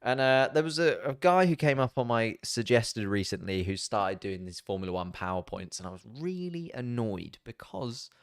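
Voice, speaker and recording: A man talking through a casual explainer in a jokey, self-mocking way. His pitch bounces up and down a lot. He speaks at a middling pitch and keeps his chatter light. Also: sing-song, normal speed, hardly any pauses, clear, resonant tone. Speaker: YouTube host.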